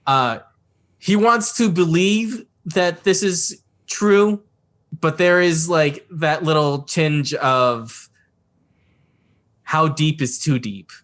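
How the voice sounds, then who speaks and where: A man playing a tabletop game, speaking haltingly with frequent restarts. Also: a little high, fairly bright tone. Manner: hesitant, halting with many restarts. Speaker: player.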